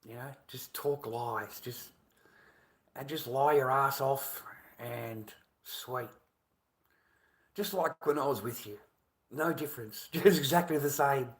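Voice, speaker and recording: A man's voice: medium pitch, slow pace, pauses often, poor audio. An Australian man in a casual livestream rant who swears and keeps repeating himself in an aggrieved way.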